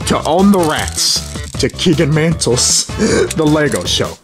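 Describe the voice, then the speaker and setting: A man's voice: a little high, sing-song, slow, music in the background. A young man doing a smug greedy billionaire pig. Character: greedy, boastful billionaire pig villain, male adult. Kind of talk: homemade toy-figure cartoon voice acting.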